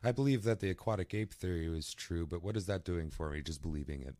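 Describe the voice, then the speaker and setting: A man's voice: low-pitched, fast, dry recording, clean studio sound. A man co-hosting a podcast, chatting casually about philosophy in a conversational way with frequent asides. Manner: conversational, many fillers, animated asides. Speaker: podcast co-host.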